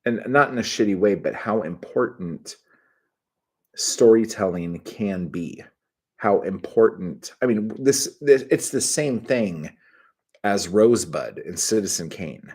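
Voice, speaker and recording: A middle-aged man hosting his own livestream, chatting casually, rambling and swearing with sudden bursts of excitement. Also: lowish voice, unhurried, breathy edge. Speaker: channel host.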